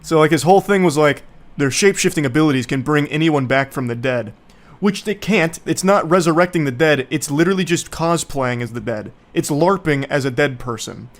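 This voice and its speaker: Man, sarcastic rant, swearing, mocking tone, slightly high voice. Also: animated, a little fast. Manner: sarcastic, profane, rambling and mocking. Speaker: movie review commentator. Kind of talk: casual movie-bashing commentary.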